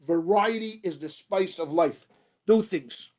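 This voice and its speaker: Speaking on marriage, this rabbi delivers a forceful motivational talk, repeating his phrases and calling out to the ladies and gentlemen before him. He is a man with a high voice who speaks unhurriedly.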